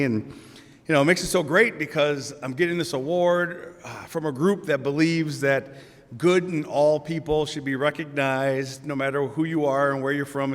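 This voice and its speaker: A man in his forties tells stories in an emotional, conversational acceptance speech. His voice sits a little high. He speaks into a podium mic, and the sound rings with the long reverb of a large hall. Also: a bit bright. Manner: emotional, storytelling, conversational with laughs. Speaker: award recipient.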